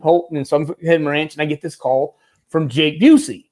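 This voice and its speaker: A man with a slightly raised pitch, talking as an interview guest. He tells loose, rambling stories with many fillers. He breaks into lively impressions of the people in them. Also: moderate pace. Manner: rambling, lively, acts out quoted voices. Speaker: guest, former Marine turned stuntman and military advisor. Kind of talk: casual storytelling in an interview.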